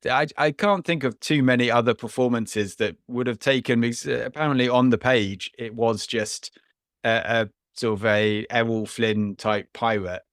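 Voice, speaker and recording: A man co-hosting a podcast talks casually and at length about a film, rambling, restarting often and chuckling. His voice is medium-pitched with fairly even intonation at normal speed, recorded dry with clean studio sound.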